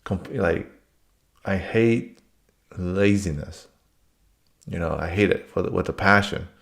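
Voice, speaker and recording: A man's voice: low-pitched, slow pace, vocal fry, a bit bright. A man telling work stories in a casual monologue, blunt and rambling, swearing freely.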